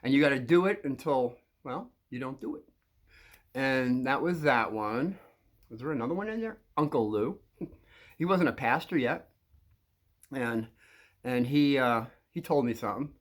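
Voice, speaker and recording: Older male host, rambling storyteller, halting delivery, frequent chuckles. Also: mid-range voice, animated. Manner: halting, repeats words, chuckles often. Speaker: channel host telling stories.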